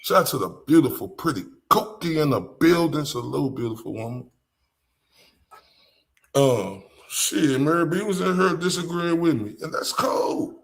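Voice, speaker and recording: A man's voice: a little high, animated, normal speed, creaky. A man with a Southern US accent hosting a live stream, talking bluntly and with profanity straight to his chat. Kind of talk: casual live-stream commentary.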